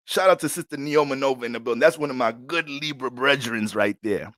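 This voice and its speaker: A man's voice: mid-range voice, a bit bright, dry recording. Casual, profane man in a dry room. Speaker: astrology vlogger. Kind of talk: casual monologue.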